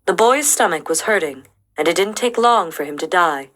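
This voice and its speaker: A woman reading aloud a past-life regression account as narrator, in a plain, measured storytelling manner. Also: lowish voice, expressive, a bit bright.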